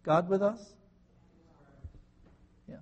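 A man giving conversational Bible teaching, firing rhetorical questions at listeners with wry, sarcastic asides and swinging between soft and loud delivery. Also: high voice, drawn-out words, breathy edge. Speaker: pastor.

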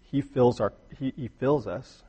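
A man's voice: medium pitch, a little slow, warm tone, breathy edge. A middle-aged man preaching a sermon, earnest, telling a personal story and building to emphatic bursts.

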